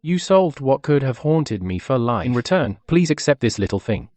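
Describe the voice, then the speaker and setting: A man's voice: mid-range voice, big pitch swings, normal speed, a little mellow, dry recording, voice pushed up, lightly acted. A man doing Kid, a sobbing glutton ghost. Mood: grateful. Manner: sobbing, muffled and bashful. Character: tearful fat gluttonous male ghost, simple and grateful.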